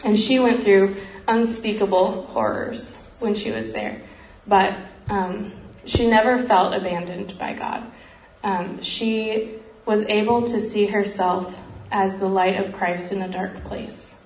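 A woman earnestly telling a missionary story in a heartfelt talk, often pausing with "um" and growing emotional. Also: mid-range voice, steady tone, darkish tone. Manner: earnest, frequent ums, grows emotional. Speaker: speaker sharing a missionary story. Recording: roomy echo, faint background noise.

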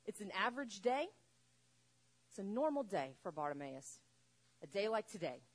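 A woman preaching a sermon, retelling a story with lively acted-out voices. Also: mid-range voice, normal speed, breathy edge. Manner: animated, acts out voices in the story. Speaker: pastor.

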